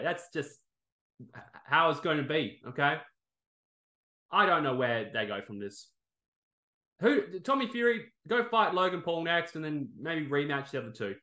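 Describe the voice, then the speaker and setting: A man's voice: on the high side, sharp tone, roomy sound. A man hosting a sports review, ranting in anger and exasperation and swearing, tagging his lines with "okay?" and "man".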